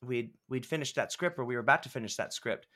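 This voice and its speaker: A man's voice: medium pitch, fast. A man in his thirties, a guest filmmaker, telling casual stories with lots of swearing and laughter. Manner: animated, profane, laughing storyteller. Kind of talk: casual podcast storytelling.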